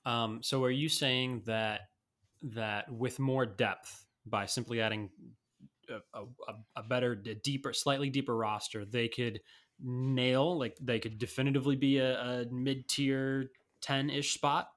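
A man's voice: medium pitch, steady tone, measured pace, a bit bright. A man co-hosting a podcast, talking sports in a rambling, casual way with many fillers and restarts. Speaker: podcast co-host.

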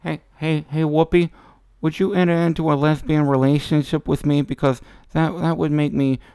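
A man's voice: a little high, little pitch movement, normal speed, dark tone, clean tone, no echo, studio quality, natural voice. A man putting on a whiny, sing-song voice to mock a woman talk-show panelist.

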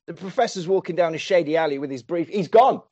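A man retelling a story in a casual comic way, excitable, laughing and swearing freely. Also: fairly high pitch, fast, highs cut off.

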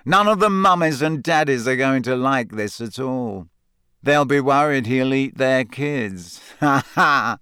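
A man puts on a snide teenage bully who drawls his words slowly and gloats over every insult. The storybook reading sounds dry and close. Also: medium pitch, expressive, bright, forceful tone, smooth, no echo. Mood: gloating. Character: sneering spoiled teenage boy, a bully.

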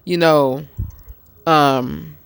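Male talk host, unhurried, meandering live-stream chat with lots of fillers; smooth tone. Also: fairly high pitch, fairly even intonation, a bit bright, no room sound. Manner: slow, rambling, many ums and restarts; eating while talking. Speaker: show host. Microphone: phone.

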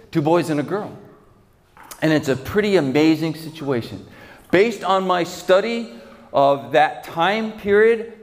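A man preaching as a pastor in a church, retelling a story dramatically and vividly with repeated phrases. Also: fairly high pitch. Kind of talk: sermon storytelling. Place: church sanctuary. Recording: long church hall reverb.

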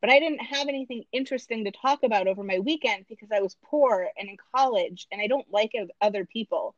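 Casual podcast co-host: Midwestern woman, slight lisp, animated storyteller, dry muffled sound. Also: a little high, fast, no echo. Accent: American Midwestern. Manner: animated storyteller, swears freely. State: slight lisp from a bitten tongue. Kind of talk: casual chat.

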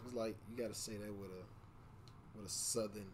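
A man's voice: fairly low pitch, fairly even intonation, moderate pace, noisy background. A man hosting a music podcast in a casual, slangy, laughing way. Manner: laid-back slangy banter with laughs. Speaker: podcast host. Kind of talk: casual chat.

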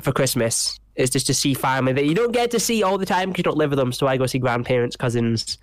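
Sex: man. Role: podcast co-host. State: blocked nose. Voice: nasal, medium pitch. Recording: dry and close. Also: animated, fast talker, no room sound. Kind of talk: casual chat.

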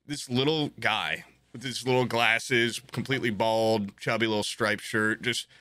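A man in his late twenties telling a story in casual chat, animated, swearing freely and acting out what people said. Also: mid-range voice, measured pace, dry recording.

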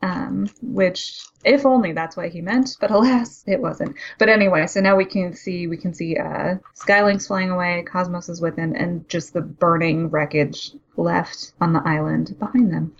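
Animated woman retelling a comic. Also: fairly low pitch, normal speed, gravelly, few pauses, muffled recording. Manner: animated, acts out characters' lines while retelling. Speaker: podcast co-host recapping comics. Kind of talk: casual chat.

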